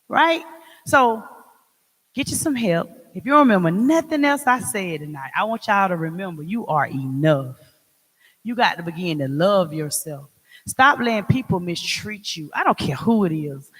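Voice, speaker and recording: Woman preaching self-love to a crowd, bright lively voice, lots of huh? and okay?. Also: medium pitch, moderate pace, husky. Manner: emphatic, preacherly, call-and-response asides. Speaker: speaker. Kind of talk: motivational talk to an audience. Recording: echoey hall.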